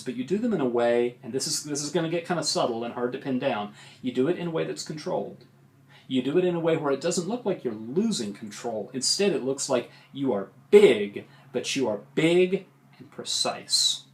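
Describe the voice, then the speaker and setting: A middle-aged man teaching public speaking in a recorded lecture, animated and demonstrative, swinging his voice up and down to show range. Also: fairly high pitch. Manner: animated, demonstrates big vocal range and gestures.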